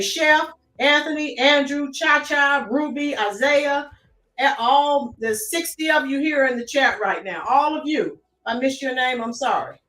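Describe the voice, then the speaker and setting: A woman's voice: high voice, fairly bright tone, reverberant, distant mic. An American woman hosting a live-stream commentary, chatting and greeting her chat viewers by name. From United States.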